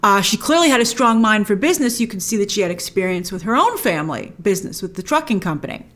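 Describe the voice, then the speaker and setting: A woman hosting a spoiler movie review, opinionated and animated, acting out lines she quotes. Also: mid-range voice, fast talker.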